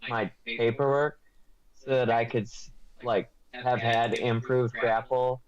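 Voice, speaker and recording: A man's voice: mid-range voice, level tone, takes it slowly, highs cut off. A man playing in a tabletop game, talking in a rambling way with restarts. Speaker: player. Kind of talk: casual tabletop play over voice chat.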